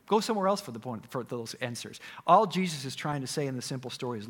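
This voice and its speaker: A male preacher giving a sermon, retelling a story with dramatic swings from loud to hushed. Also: mid-range voice, animated, a little fast, breathy edge. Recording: echoey hall.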